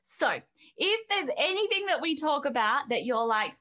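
Australian woman podcast host, bright and bubbly, pitch jumps all over the place. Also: big pitch swings. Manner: bubbly, chatty, quick laughs. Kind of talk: conversational podcast interview.

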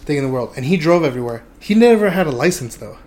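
A man's voice: on the high side, animated, quick pace, darkish tone. A young man telling a casual, rambling story, laughing often and swearing freely. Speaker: podcast host.

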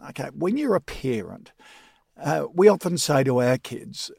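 A man's voice: on the high side, sing-song, normal speed, gravelly, darkish tone, breathy edge, no room sound, clean studio sound. An older Australian man, a grandfather on a parenting panel, chatting in a hearty, confident way. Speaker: guest panelist. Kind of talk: casual panel chat.

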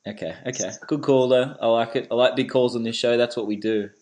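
A man's voice: medium pitch, fairly even intonation, a little fast, a little mellow, low-quality recording. A man co-hosting a casual sports podcast, joking and laughing, often repeating words as he goes. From Australia. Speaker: podcast co-host.

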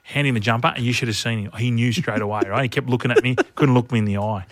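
A man's voice: mid-range voice, fast talker, few pauses, no room sound. A middle-aged man co-hosting a podcast, telling a story in casual chat and laughing as he goes. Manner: animated storyteller, laughs through his lines. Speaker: podcast co-host.

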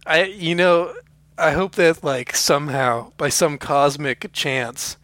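A man's voice: fairly high pitch, fairly even intonation, takes it slowly, a bit bright, dry recording. A young man co-hosting a podcast, rambling through silly jokey bits in casual chat. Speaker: podcast co-host.

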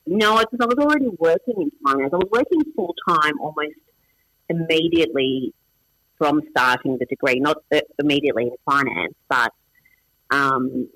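In a low-quality recording with no room sound, a middle-aged man of Iranian birth, Farsi-speaking from the start and now with an Australian accent, talks casually as an interview guest. His slightly high voice is expressive, bright, and forceful at normal speed, and he's self-deprecating, restarting and using fillers constantly.

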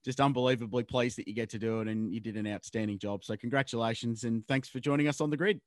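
A man's voice: medium pitch, fast talker, no echo. Australian male interviewer, dry sound. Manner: friendly, uses "mate". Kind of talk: casual interview chat.

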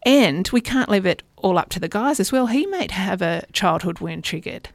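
A woman's voice: mid-range voice, animated, normal speed, no echo. Woman therapist explaining on radio. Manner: warm, explanatory, gives practical examples with acted-out quotes. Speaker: relationships and sex therapist. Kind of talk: radio interview guest.

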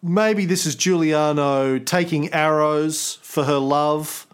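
A man's voice: a little high, takes it slowly, smooth. A man co-hosting a podcast, chatting crudely and comically about art history, riffing and slipping into silly impressions. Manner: profane, riffing, slips into impressions. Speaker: podcast co-host.

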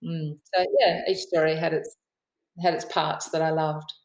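A woman's voice: low-pitched, little pitch movement, normal speed, a little mellow, reverberant, poor audio. A woman author with an Australian accent, telling stories in a podcast interview, chatty and laughing often. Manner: chatty storyteller, laughs often, mimics the people she quotes. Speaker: author and aviation writer, guest.

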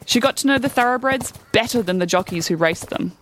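A woman reading a children's story aloud in a lively way, acting out the characters' lines. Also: fairly high pitch, a little fast, slight background noise.

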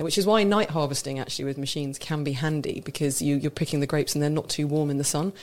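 A co-host who explains wine knowledgeably in casual radio chat. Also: medium pitch. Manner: knowledgeable, explanatory, warmly enthusiastic.

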